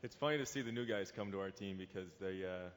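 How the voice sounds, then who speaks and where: A man, a hockey player on a fan panel, telling a casual story in an easygoing way with a chuckle. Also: low-pitched. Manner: easygoing, chuckling, quick talker. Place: stage in a large convention hall. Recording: reverberant hall with ambient noise.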